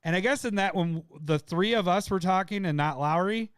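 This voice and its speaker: A man co-hosting a podcast, telling a story in casual chat, laughing often and putting on loud voices of his friends. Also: sits high, normal speed, clear, resonant tone, no echo, clean studio sound. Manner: laughing, animated storyteller who shouts impressions of friends. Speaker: podcast co-host.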